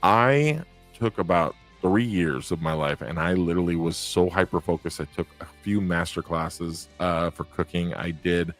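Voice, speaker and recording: A man's voice: sits low, moderate pace, faint music behind. A man hosting a casual live podcast, rambling candidly, reading viewer comments aloud and swearing freely. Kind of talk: casual live-stream chat.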